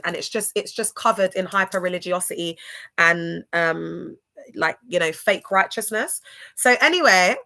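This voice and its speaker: A woman's voice: mid-range voice, sharp tone. A woman hosting a livestream, talking in a gossipy, rambling way and sometimes spelling words out letter by letter. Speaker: livestream host. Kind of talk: casual livestream commentary.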